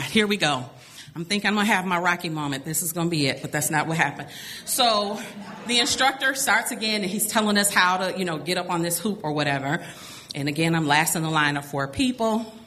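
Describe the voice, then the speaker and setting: A middle-aged woman telling a personal story to an audience, animated and laughing often between lines. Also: on the low side, slight background noise.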